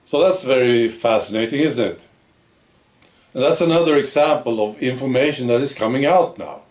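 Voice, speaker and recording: A man's voice: mid-range voice, moderate pace, darkish tone. A man hosting his own opinion vlog, talking in a blunt, sarcastic, plain-spoken way. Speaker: channel host.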